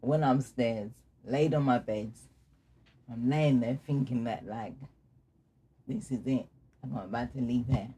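A young man telling a personal story in casual conversation, candid and laughing through dark memories. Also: mid-range voice, a little slow, pauses often, breathy edge. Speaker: guest telling his story.

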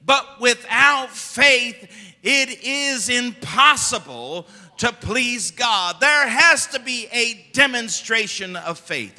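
A man pastor preaching a fervent sermon, rising to loud emphasis and dropping to quiet asides. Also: very high voice, in a large hall.

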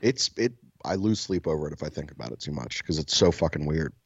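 His voice rumbling low with a breathy edge, a man co-hosting a podcast tells a story at a quick pace in profane, casual chat, animatedly acting out the quotes. The sound is lo-fi and echo-free.

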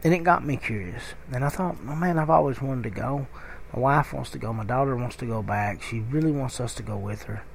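Brisk and gravelly, with few pauses, this mid-range male voice belongs to a middle-aged podcast host with a Kentucky accent. He rambles through a story in a casual monologue full of fillers and restarts, over a little hiss or hum.

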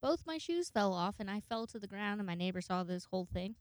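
A woman's voice: mid-range voice, expressive, fairly quick, no echo, studio quality. A young woman in her twenties telling a rambling, profanity-laced story in a casual monologue, acting out the voices of the people in it. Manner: rambling, swears a lot, acts out voices in quotes.

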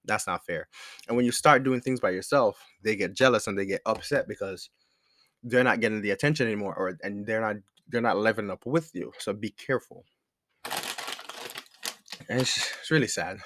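At a moderate pace, a young man hosting a podcast tells a personal story in a lowish, fairly bright voice. The casual monologue is candid and rambling, full of slang and restarts. Slight background noise and a squeaky chair can be heard in the room.

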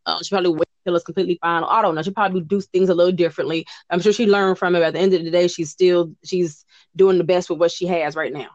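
A woman co-hosting a casual chat show, talking in animated bursts with frequent restarts. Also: fairly low pitch, dry recording, lo-fi sound. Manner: animated, chatty, quick bursts with many restarts. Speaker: podcast co-host.

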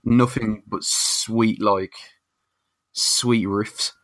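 A man's voice: lowish voice, fairly even intonation, drawn-out words, fairly bright tone, no room sound. A young man co-hosting a podcast, laid-back and making dry jokes. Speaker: podcast co-host. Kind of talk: casual podcast chat.

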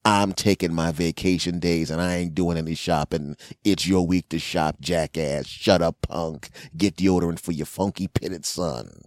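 A man's voice: sits low, steady tone, normal speed, dry recording, studio quality, natural voice. A man doing a bossy, scolding mom. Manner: loud and bossy, name-calling. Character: brash, exasperated mother scolding her son.

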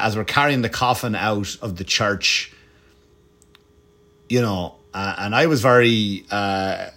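A middle-aged Irish man, a comedian, telling profane, animated anecdotes at home with lots of asides. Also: on the low side. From Ireland. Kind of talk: casual storytelling. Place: home, dog nearby.

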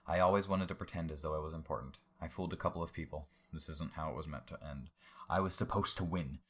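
A man's voice: extremely low pitch, fast, husky, heavily acted. A man voicing an unhinged, grandiose male villain who rants and philosophizes manically while reading a story aloud. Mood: raving.

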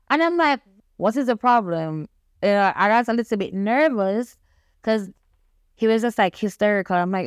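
A woman's voice: mid-range voice, moderate pace, smooth, no room sound, studio quality. A young woman, telling a candid story on a podcast and acting out the dialogue. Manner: animated, acts out quoted dialogue.

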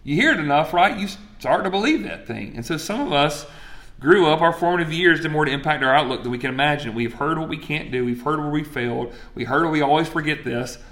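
A man's voice: fairly high pitch, expressive, a little fast, fairly bright tone. Conversational preacher man in his forties. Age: 40s. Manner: conversational, asks the crowd questions. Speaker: pastor. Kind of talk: sermon.

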